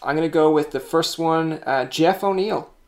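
A man's voice: a little high, moderate pace. A man hosting a podcast interview, chatting in a rambling, teasing way. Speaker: podcast host. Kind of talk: casual interview chat.

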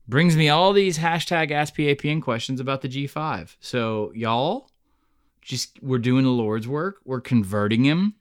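A man's voice: medium pitch, smooth, no room sound, studio quality. A man hosting a casual sports podcast, chatty and rambling with plenty of fillers. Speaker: podcast host.

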